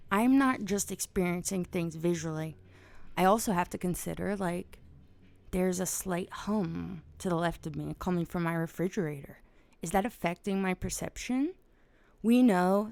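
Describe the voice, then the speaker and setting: A woman hosting a podcast, talking through ideas casually from home at night, bursting into loud excited swearing at times. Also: on the low side, gravelly, dry recording. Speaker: podcast host. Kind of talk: casual explainer monologue.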